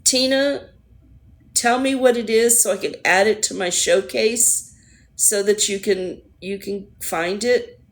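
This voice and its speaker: Hoarse woman chatting slowly on a livestream. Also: medium pitch. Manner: rambling, chatty, talks to her pet. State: hoarse, voice going. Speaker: livestream host. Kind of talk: casual chat with viewers. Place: at home.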